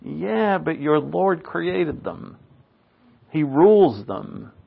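A man preaching a sermon in an earnest manner, his pitch rising on rhetorical questions. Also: big pitch swings, drawn-out words, creaky, breathy edge, phone-quality sound.

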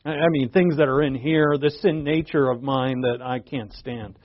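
A man's voice: mid-range voice, fairly even intonation, moderate pace. A man in his fifties preaching a conversational Bible sermon, asking rhetorical questions and often restarting his sentences. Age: 50s. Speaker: pastor. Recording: dull lo-fi recording.

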